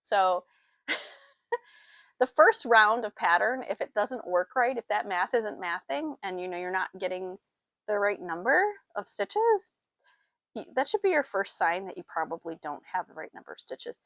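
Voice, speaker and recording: A woman's voice: mid-range voice, lively intonation, measured pace, a bit bright, no room sound. Woman rambling about her knitting, kinda breathless, laughs a lot, dry close sound. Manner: chatty, laughs often, self-deprecating. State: a bit out of breath. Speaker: knitting podcast host. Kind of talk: casual chat. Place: small farm with sheep.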